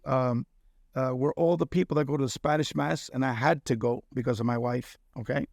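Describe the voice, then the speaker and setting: A man's voice: mid-range voice, steady tone, a little fast, gravelly, darkish tone, no room sound, studio quality. A middle-aged man from Cuba, a guest telling a personal story in casual conversation and often checking in with "okay?". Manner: earnest storyteller who keeps checking in with "okay?".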